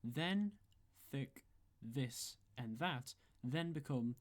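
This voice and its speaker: A man's voice: mid-range voice, takes it slowly. Methodical man. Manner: methodical, instructive. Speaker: guest giving voice advice. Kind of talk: explanatory tutorial.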